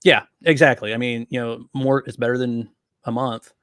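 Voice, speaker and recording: A man's voice: mid-range voice, fairly even intonation, normal speed, fairly bright tone, smooth, no echo, clean studio sound. A man co-hosting a podcast, chatting casually in a rambling way with many fillers. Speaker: podcast co-host.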